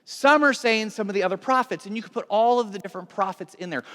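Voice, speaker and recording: A man preaching with a high, light voice, talking in a casual, animated way and often restarting his sentences. His words ring out with the long reverb of a large hall. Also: fast, hardly any pauses. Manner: conversational, animated, with repeated restarts. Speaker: pastor. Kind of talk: sermon.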